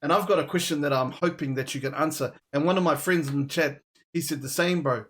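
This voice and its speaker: A man's voice: on the high side, quick pace, a bit bright. A man from New Zealand with the accent of his home, hosting a livestream chat in a joking, playful way. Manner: joking and playful, says "bro" a lot. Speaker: livestream host. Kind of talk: casual interview chat.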